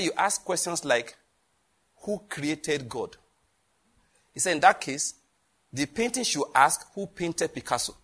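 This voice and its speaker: A man preaching a sermon, lively, with laughter and questions thrown to the congregation. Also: on the high side, breathy edge. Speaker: pastor.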